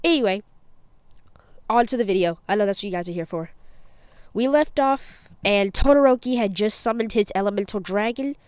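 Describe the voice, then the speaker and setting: A woman's voice: medium pitch, moderate pace, darkish tone, smooth, no room sound. A woman hosting her channel, telling a fan-fiction story in a chatty, rambling way and correcting herself as she goes.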